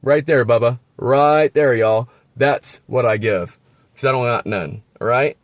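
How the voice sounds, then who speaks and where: A man's voice: medium pitch, unhurried, no echo. Profane man ranting in a lot. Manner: rambling, profane, sarcastic ranting. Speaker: vlogger. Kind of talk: ranting vlog. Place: outdoors in a parking lot.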